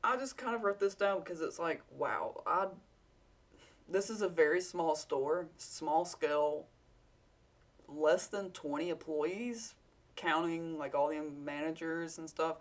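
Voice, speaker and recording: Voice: mid-range voice, unhurried. Rambling vlogger with a Southern US accent. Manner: rambling and candid, casual swearing. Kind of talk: casual storytime vlog.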